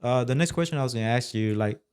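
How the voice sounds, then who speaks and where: A man's voice: medium pitch, fast talker, a little mellow, clean tone. A man hosting a podcast, asking loose casual questions and giving short backchannel replies. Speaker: podcast host. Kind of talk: casual interview.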